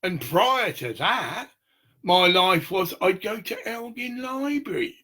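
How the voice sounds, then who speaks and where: Gravelly husky man rambling. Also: high voice, sing-song, slow pace, bright, forceful tone. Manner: rambling, profane, acts out little scenes. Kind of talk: rambling monologue to camera.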